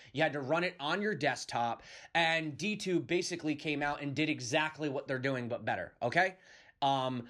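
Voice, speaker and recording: A man's voice: a little high, fairly bright tone. A young man hosting a crypto video, ranting emphatically at viewers and punctuating his points with "okay?". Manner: emphatic, keeps asking "okay?". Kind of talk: heated rant to viewers.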